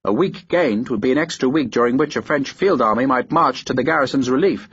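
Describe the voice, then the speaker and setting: A man reading a historical war novel in a steady, measured audiobook narration. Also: medium pitch, slightly rough, dry recording, dull audio.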